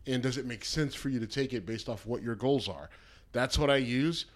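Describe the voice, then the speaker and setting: A man's voice: medium pitch, a little fast. A man co-hosting a casual talk podcast, blunt and profane, rambling through his points with lots of restarts. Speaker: podcast co-host. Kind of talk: casual banter.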